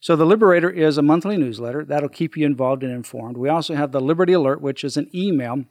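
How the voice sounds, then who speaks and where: A man hosting a talk radio show, speaking in a measured, earnest way. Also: a little high, a little mellow, dry recording.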